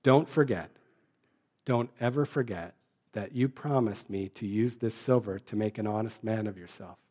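A man reading as a gentle, solemn old bishop. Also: fairly low pitch, moderate pace, lightly acted. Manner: solemn, emphasizing each word.

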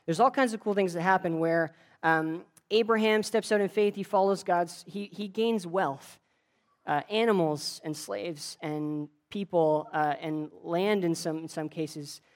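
A woman preaching a sermon in a relaxed, conversational way, retelling a story with frequent restarts. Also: lowish voice, a little slow. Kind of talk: casual sermon.

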